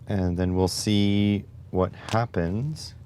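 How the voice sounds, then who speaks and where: Low, unhurried man thinking aloud. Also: steady tone, darkish tone, a little hiss or hum. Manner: thinks aloud step by step, wry asides to viewers. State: recovering back injury. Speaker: livestream host. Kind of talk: casual livestream chat while tinkering.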